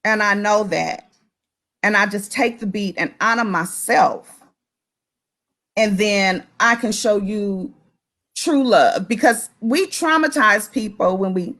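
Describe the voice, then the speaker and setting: A woman's voice: fairly high pitch, fairly bright tone. A woman guest on a faith-based talk show, speaking earnestly and with emphasis about her experience as a mother.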